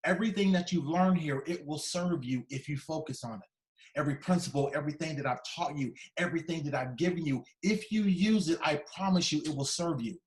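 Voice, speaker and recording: A man voicing a warm, doting female schoolteacher who gushes over her pupils, in an echoey hall. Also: a little high, a little fast, close to an everyday voice. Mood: tender. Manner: gushing and affectionate with the children.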